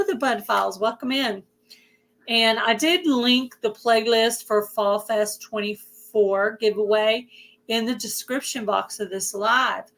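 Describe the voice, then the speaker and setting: A woman with a Southern US accent hosting a casual livestream chat. Her voice is hoarse, and she chats away and greets viewers by name. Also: medium pitch, fairly bright tone. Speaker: host of a livestream.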